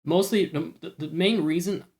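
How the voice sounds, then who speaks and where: A man's voice: a little high, normal speed, darkish tone. A Scottish man chatting casually on a stream, rambling, swearing often and talking to himself.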